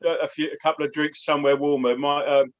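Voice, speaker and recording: A man appears as a panel guest on a casual football chat, telling anecdotes fast in a fairly high, level voice. He chuckles as he tells stories and keeps restarting with stammers. The remote call audio sounds slightly dull.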